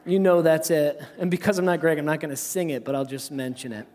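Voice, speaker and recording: A man preaching a sermon, telling a parable in an animated way and acting out the characters' lines. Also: a little high, quick pace. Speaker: pastor. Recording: long hall reverb.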